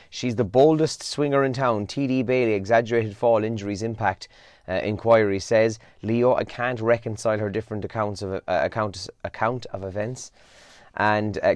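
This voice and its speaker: A young man hosts his breakfast show on his own, sounding tired as he chats through the headlines. His voice sits fairly low. The sound is close and dry, with no room around it. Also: no room sound. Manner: casual and chatty, with yawns and asides. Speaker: radio host. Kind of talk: solo breakfast show, reading newspaper headlines.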